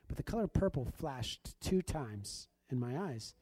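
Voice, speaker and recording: A man tells a personal testimony like a preacher, bringing the story to life and acting out each exchange. His voice is husky and mellow. The recording is dry and close. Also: medium pitch, a little slow, no echo. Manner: animated, acts out quoted dialogue.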